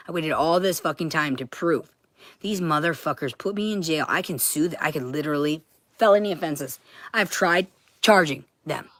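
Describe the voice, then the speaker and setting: A woman talking to camera in a heated, profane monologue that keeps bursting into shouting. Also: on the low side, no echo, clean studio sound.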